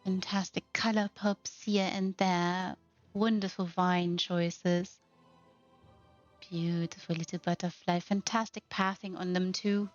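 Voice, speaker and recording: A woman's voice: fairly low pitch, level tone, slow pace, dull audio, soft background music. A woman hosting a narrated house tour, gushing with effusive praise. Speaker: host.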